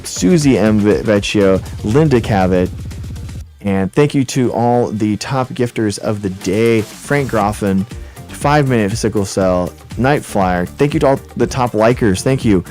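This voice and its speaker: A man's voice: on the low side, measured pace, darkish tone, soft background music. A man hosting a livestream, casually rambling through thanks and apologies as he signs off. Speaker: host.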